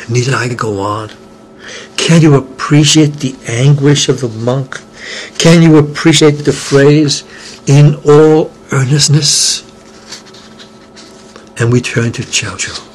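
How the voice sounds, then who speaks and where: An older man giving a Zen dharma talk in a slow, measured and earnest way, with many questions and long pauses. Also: medium pitch, a little hiss or hum, poor audio. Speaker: Zen teacher.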